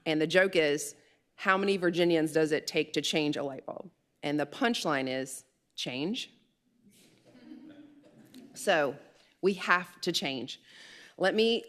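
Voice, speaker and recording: An earnest woman in her late forties speaks to a legislative committee in a fairly low voice. She sounds heartfelt and moves close to tears. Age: late 40s. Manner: earnest, turns tearful and emotional. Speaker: state official. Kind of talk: prepared remarks to a committee. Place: legislative hearing room.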